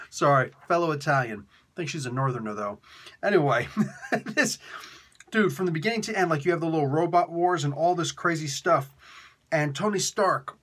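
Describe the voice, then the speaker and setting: A man casually reviewing a comic book for his video channel, excitable and rambling, laughing often. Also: on the high side, normal speed, long pauses, slightly rough.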